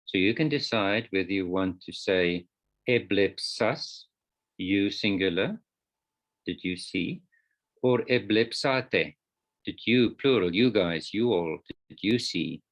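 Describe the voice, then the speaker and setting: A man's voice: on the low side, unhurried. A man lecturing students on Greek grammar, explaining patiently step by step in an online class. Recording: dull lo-fi online call audio.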